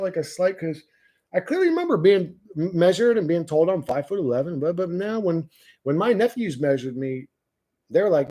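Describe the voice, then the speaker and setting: A man with a somewhat high, husky voice rants casually to a live chat. He swears freely, mocks, and laughs often. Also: warm tone. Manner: profane, mocking, laughs often. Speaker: livestream host reading chat.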